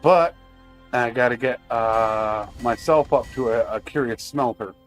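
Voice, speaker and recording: Guy live streaming a game, talking along to chat, medium voice, some quiet music behind. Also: medium pitch, a little slow. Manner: chatty, talks to chat while playing. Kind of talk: casual live-stream commentary.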